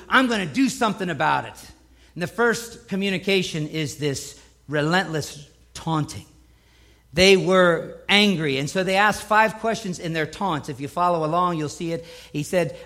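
A man's voice: sits high, animated, normal speed, a bit bright. A man preaching a sermon, emphatic and driving home points with repetition.

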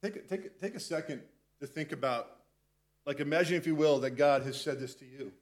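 A man leading a devotional Bible teaching in a conversational way, often restarting his sentences. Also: a little high. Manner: conversational, halting with repeated restarts. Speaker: pastor.

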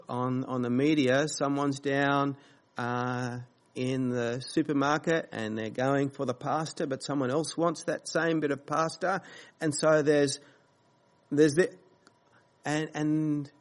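Slow, earnest male preacher. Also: medium pitch. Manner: slow, halting, earnest preaching with many fillers. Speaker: pastor. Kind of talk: sermon.

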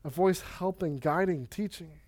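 A man preaching a sermon in a casual, energetic way, with quick asides and Bible readings. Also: on the high side. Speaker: pastor.

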